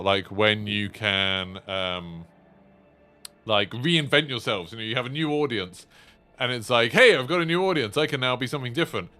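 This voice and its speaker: A man's voice: medium pitch, a bit bright. A man in his thirties chatting casually to viewers while streaming, rambling with lots of fillers. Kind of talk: casual live-stream chat.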